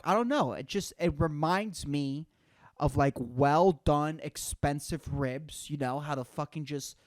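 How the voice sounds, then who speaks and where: A man's voice: fairly high pitch, a little mellow, no room sound. A man in his twenties hosting a solo comedy podcast, rambling and swearing constantly, peppering his talk with "dude" and "man". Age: 20s. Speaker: podcast host.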